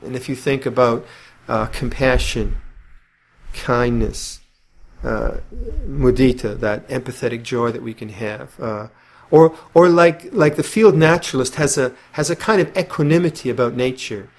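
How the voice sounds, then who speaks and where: An older man, a Buddhist monk, giving an unscripted dharma talk in a thoughtful, halting way, with many restarts and fillers and gently acted-out quotes. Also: medium pitch. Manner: gently acts out quoted voices.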